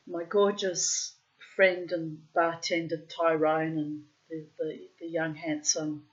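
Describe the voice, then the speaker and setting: On a lo-fi recording, a woman vlogger in her late fifties slowly tells a rambling, casual story with little pitch movement. She teases herself cheekily, laughs often, and now and then squeals out high exclamations.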